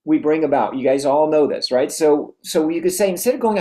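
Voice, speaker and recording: A motivational coach giving an energetic talk to an audience taking notes, asking repeated rhetorical questions and often restarting phrases. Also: medium pitch, fairly quick, hardly any pauses.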